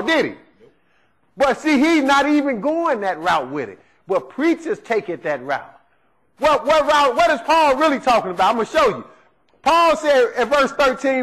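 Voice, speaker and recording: A man's voice: extremely high pitch, expressive, normal speed, fairly bright tone, poor audio. A man preaching a sermon, emphatic and leaning on rhetorical questions to the congregation.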